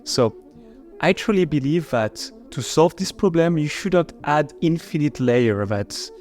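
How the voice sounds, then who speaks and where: A man's voice: on the high side, lively intonation, unhurried, a little mellow, faint music behind. A man with a French accent, a marketing chief, explaining his project in a casual podcast, with many fillers and restarts.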